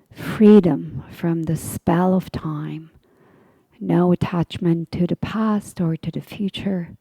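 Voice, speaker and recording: A woman teaching a guided yoga class, giving slow, soothing cues that often drop to a half-whisper. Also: lowish voice, gravelly, dark tone, dry recording.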